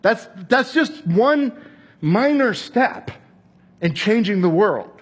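Husky-voiced man preaching a sermon. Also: sits high, slow pace. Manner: earnest, storytelling, animated when recounting. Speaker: pastor.

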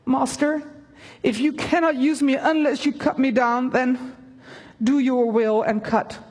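A woman voicing a proud, gentle female bamboo tree who pleads with her master in a storybook tale read aloud. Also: high voice, fairly even intonation, unhurried, slightly rough, in a large hall. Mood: yielding.

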